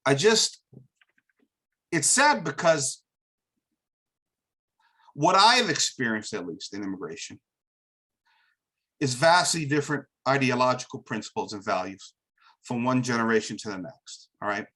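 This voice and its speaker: American guy hosting a live talk show, punchy bright voice, lecturing hard, lots of "right?". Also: medium pitch, very animated, unhurried, pauses often, rough recording. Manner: emphatic, preachy, keeps asking "right?". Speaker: host. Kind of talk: live commentary monologue.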